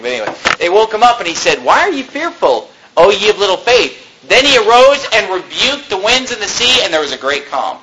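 A male preacher delivering a sermon in a high, bright voice. He slows right down to read scripture with weight and drops into quick, low asides to the congregation. Faint noise hums in the background. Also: low-quality recording.

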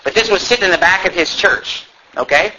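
A man's voice: high-pitched, brisk, sharp tone, slight background noise, poor audio. A man preaching a fiery sermon as a pastor, emphatic and sarcastic, sometimes reading text aloud in put-on voices. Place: church.

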